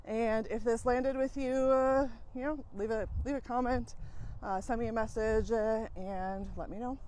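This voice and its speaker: A woman's voice: fairly high pitch, fairly even intonation, measured pace, a little mellow, slight background noise. A woman coach talking frankly to her viewers, swearing casually and using many fillers. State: out of breath. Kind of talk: casual monologue to camera.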